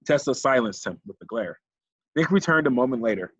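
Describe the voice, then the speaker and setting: A man reading a children's novel aloud as an audiobook narrator, in steady storytelling. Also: mid-range voice, fairly quick, breathy edge, dry recording. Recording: dull lo-fi recording.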